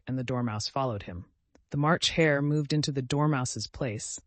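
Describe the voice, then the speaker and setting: A man narrating a storybook audiobook in a measured, even way. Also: medium pitch, no room sound.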